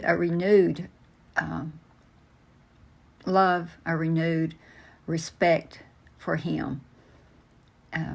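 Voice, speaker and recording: Older woman, low voice, halting storyteller answering interview questions. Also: creaky. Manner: slow, halting, many fillers and restarts. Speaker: interview guest.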